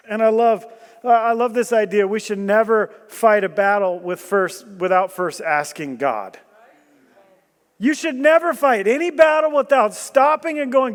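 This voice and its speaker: A man preaching a sermon, animated and joking, asking the room questions and bursting into loud emphasis. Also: very high voice, normal speed. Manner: animated storytelling with jokes and rhetorical questions. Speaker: guest preacher. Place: church hall. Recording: long church hall reverb.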